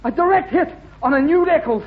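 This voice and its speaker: A man in 1950s radio comedy voicing an excitable, squeaky male scientist character. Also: a little fast. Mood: excited. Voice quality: squeaky, zany. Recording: noisy muffled 1950s radio recording.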